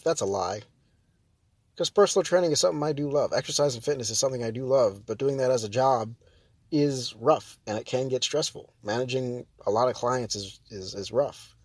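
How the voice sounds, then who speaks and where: A man's voice: medium pitch, normal speed, a little mellow, breathy edge, no room sound, studio quality. A man hosting his own podcast, chatting casually and rambling, breaking off mid-sentence and laughing often. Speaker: podcast host. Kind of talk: casual solo podcast chat.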